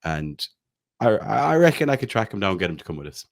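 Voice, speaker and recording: A man's voice: lowish voice, very animated, a little fast, vocal fry. An Irish man from Galway co-hosting a football podcast, rambling enthusiastically and often restarting his sentences. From Ireland, County Galway. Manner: rambling, self-correcting, enthusiastic. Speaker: podcast co-host. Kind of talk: casual football podcast chat.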